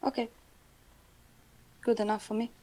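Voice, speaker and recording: Eager higher-voiced woman player. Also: level tone, unhurried, warm tone. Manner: eager, playful interjections. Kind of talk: casual game chat.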